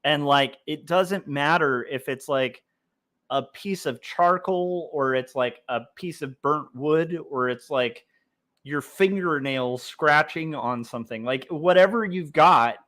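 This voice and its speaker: A man's voice: fairly high pitch, slow, fairly bright tone. Rambling man chatting on a drawing stream. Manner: rambling, many fillers and restarts, reading chat aloud. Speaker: livestream host drawing comics. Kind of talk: casual chat while drawing.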